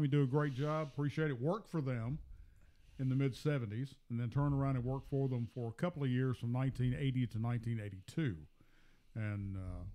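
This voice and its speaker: A man's voice: medium pitch, warm tone. A man in his sixties hosting a local sports talk show, talking in a folksy, rambling way full of fillers. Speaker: host. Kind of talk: casual chat on a local radio sports show.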